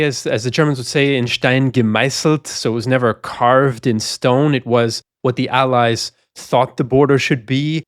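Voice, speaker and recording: A man's voice: medium pitch, no room sound, studio quality. A man co-hosting a history podcast, laying out background context at length in a discussion. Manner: explanatory, lays out context at length. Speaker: podcast co-host.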